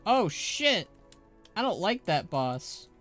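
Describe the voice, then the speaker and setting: Man, game streamer, casual chat, lively voice, teasing, laughs a lot. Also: high-pitched, slow pace, soft background music. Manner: playful, laughs often, teasing. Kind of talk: casual chat while gaming.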